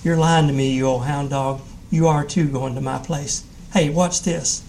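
A man's voice: fairly high pitch, fairly even intonation, normal speed, darkish tone, a little hiss or hum, lightly acted. A man voicing a taunting ghostly boy made of darkness, in a gleeful, mocking manner, during a live story reading.

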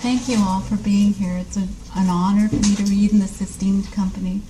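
A woman's voice: mid-range voice, little pitch movement, a little fast, background noise. A woman author reading her short story aloud at a live event, wry and self-deprecating.

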